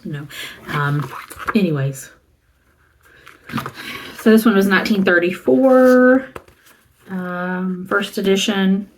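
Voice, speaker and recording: A woman's voice: medium pitch, slow pace, long pauses, slight background noise. A middle-aged woman from the American South, chatting casually and rambling as she shows a used book haul and reads the titles aloud. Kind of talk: casual chat.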